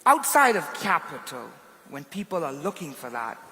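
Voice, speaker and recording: A man's voice: fairly high pitch, big pitch swings, normal speed, sharp tone. A man hosting an event on stage, upbeat and encouraging as he questions a speaker. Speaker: event host. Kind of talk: stage interview. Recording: reverberant hall with crowd and noise.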